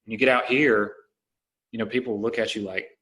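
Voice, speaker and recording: A man's voice: lowish voice, brisk. Southern-accented male comedian, casual. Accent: Southern American. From American South. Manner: relaxed storytelling, many fillers like "like" and "you know". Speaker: podcast host, stand-up comedian. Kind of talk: casual conversation.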